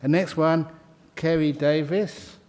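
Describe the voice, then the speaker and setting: A man's voice: fairly high pitch, steady tone. A man leading a ceremony, reading out names and welcoming each new member in a chatty, good-humoured way. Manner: slow, warm-hearted and chatty, laughing between names. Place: meditation hall.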